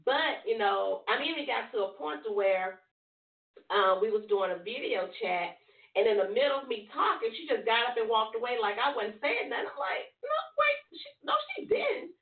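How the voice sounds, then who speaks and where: A woman's voice: on the high side, lively intonation, moderate pace. A woman hosting, reflecting earnestly on life lessons in a preachy, slangy way. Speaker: host. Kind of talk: reflective motivational talk. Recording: distant echoey phone line.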